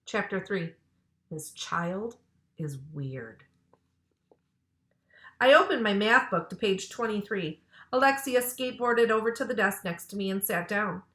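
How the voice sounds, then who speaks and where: Bright-voiced woman reading a storybook aloud. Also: mid-range voice, moderate pace. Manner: lively, expressive. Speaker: librarian. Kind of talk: reading a children's book aloud. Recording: roomy echo.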